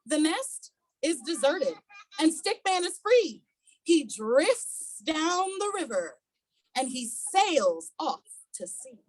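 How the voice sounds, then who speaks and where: A woman reading a children's picture book aloud at a community event, animated and coaxing the young audience to join in. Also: high voice, takes it slowly, no room sound, poor audio.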